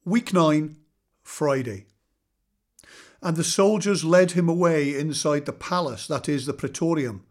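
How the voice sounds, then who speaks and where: A man reading scripture aloud in a measured, solemn way, slowing for weight. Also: a little high. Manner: measured, solemn reading with slow dramatic pauses. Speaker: scripture reader.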